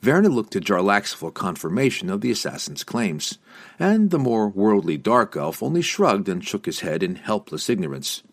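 Man, audiobook narrator, very deep voice, lively intonation, dramatic fantasy reading. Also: normal speed.

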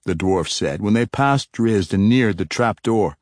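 A man narrating a fantasy audiobook in a measured, steady storytelling manner on a close mic. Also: fairly low pitch, dry recording.

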